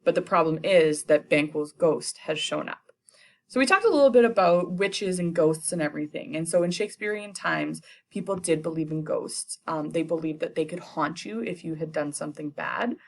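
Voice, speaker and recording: A young woman teacher retells a play for her students in a chatty, slangy style, slipping in quick, playful character voices. Her voice is low-pitched.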